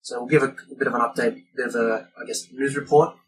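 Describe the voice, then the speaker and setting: A laid-back man co-hosting a podcast, calmly walking through what the show will cover at a mid pitch. He sounds set back from the mic, with a clear bed of background noise. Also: quick pace. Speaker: podcast co-host. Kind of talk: casual podcast banter. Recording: distant mic, noisy.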